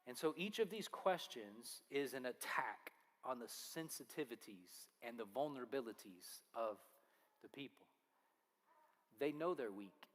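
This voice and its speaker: A man's voice: mid-range voice, expressive, measured pace, fairly bright tone. A man preaching a sermon as pastor, earnest and firing off rhetorical questions. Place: church sanctuary. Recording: long reverb of a church hall.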